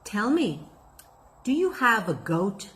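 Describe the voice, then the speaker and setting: A woman storyteller voicing a calm, wise old male rabbi who gives measured, matter-of-fact advice. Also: medium pitch.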